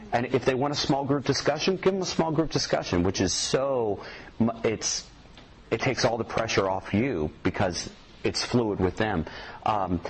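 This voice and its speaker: A man's voice: lowish voice, poor audio. Guy talking casually to a small room, plainspoken, tosses questions at the crowd, faint hiss behind. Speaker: youth ministry speaker. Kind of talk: casual workshop talk.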